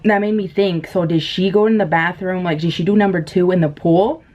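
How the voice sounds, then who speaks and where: A woman's voice: lowish voice, fairly even intonation, fairly quick. A woman in her thirties telling a story while eating on camera, in casual chat full of fillers and laughs. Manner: chatty, laughs often, many fillers. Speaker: mukbang vlogger. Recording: dull lo-fi camera audio with faint noise.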